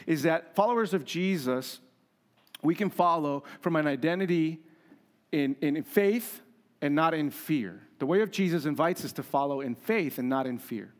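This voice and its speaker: A man's voice: fairly high pitch, animated, moderate pace. Emphatic man preaching a sermon. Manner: emphatic, conversational, with humor and rhetorical questions. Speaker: pastor.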